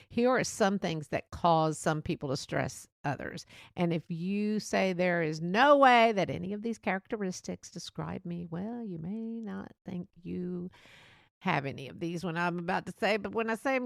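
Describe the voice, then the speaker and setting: Woman host, solo chat podcast; quick, rambling delivery with little laughs, husky-fry lower voice. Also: no room sound, clean studio sound. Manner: fast-talking, rambling, laughs between thoughts. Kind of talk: casual solo podcast monologue.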